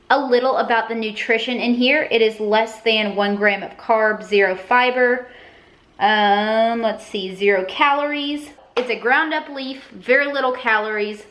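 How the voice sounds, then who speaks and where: Chatty young woman w/ a bit of an accent, walking thru a recipe, voice sits a little high. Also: fairly bright tone. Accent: regional accent. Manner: chatty, upbeat, self-deprecating asides. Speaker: cooking vlogger. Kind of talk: casual recipe demonstration.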